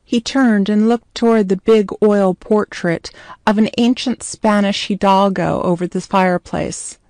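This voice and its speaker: A woman narrating a scripted story in a measured, clear way. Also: mid-range voice, steady tone, darkish tone, dry recording.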